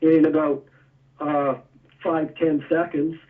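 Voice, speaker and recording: A man's voice: on the high side, little pitch movement, slow, far from the mic, narrow, tinny audio. A man being interviewed, explaining step by step with a few chuckles. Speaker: guest, energy tool maker. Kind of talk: casual interview.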